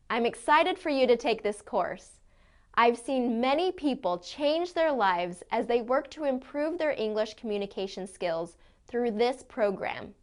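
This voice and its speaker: Clear-spoken woman pronunciation teacher. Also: on the high side. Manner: clear, deliberate modeling of sounds. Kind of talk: scripted lesson narration.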